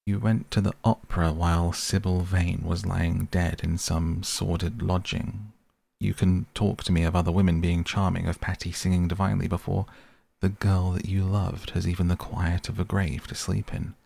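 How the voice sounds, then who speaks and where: A man's voice: deep voice, little pitch movement, moderate pace, vocal fry, mellow. A man reading the part of an earnest, grieving male painter in a sleep story, speaking in a pleading, reproachful way. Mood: pained, reproachful.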